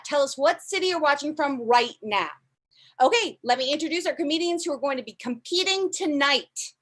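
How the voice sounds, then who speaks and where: A woman's voice: high voice, fairly bright tone. A woman hosting an online comedy game show, upbeat, playful and teasing with her guests. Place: home studio.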